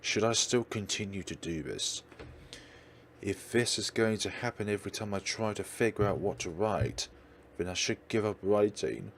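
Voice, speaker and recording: A man's voice: lowish voice, moderate pace, a little hiss or hum, close to an everyday voice. A man reading a hesitant, awkward teenage boy. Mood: despairing. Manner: hesitant, apologetic, stumbling.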